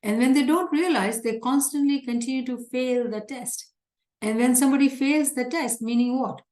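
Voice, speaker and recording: Her voice sits high and darkish as she moves at a moderate pace through a religious lecture, with plenty of reverb around her. The woman explains scripture earnestly, stressing and restating her main ideas.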